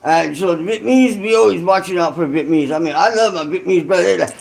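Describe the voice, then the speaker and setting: High-voiced man rambling in street slang. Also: fast, gravelly, few pauses. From California. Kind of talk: casual storytelling.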